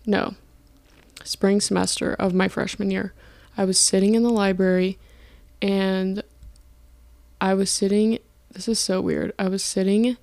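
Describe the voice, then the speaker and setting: Slow-talking young woman podcasting from her dorm. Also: medium pitch, darkish tone, no room sound. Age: young adult. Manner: rambling, self-interrupting, chatty. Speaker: podcast host. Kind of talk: casual solo podcast chat. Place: college dorm room. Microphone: podcast mic, filmed for video.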